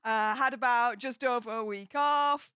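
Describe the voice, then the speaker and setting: A bubbly woman chats on her livestream with a high, bright voice. She greets viewers one after another in a warm, lively flow. The sound is dry and close. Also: measured pace, clean tone, dry recording. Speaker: livestream host. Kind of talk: casual livestream chat. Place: home studio.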